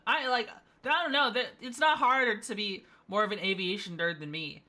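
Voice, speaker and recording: Woman streamer, bright voice, chatty and playful, laughs often. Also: medium pitch, moderate pace. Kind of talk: casual gaming stream chat.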